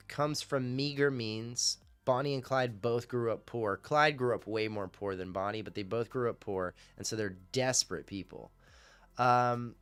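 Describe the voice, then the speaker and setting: A man's voice: medium pitch, fairly bright tone, smooth. A man on a live stream chatting casually, loose and rambling, swearing freely and answering his chat as he goes.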